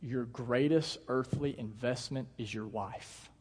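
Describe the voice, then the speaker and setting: A man's voice: mid-range voice, breathy edge. Man preaching in a reverberant church hall. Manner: earnest, emphatic preaching with slowed stress on key words; lively storytelling with playful asides. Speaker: pastor. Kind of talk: sermon. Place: church sanctuary.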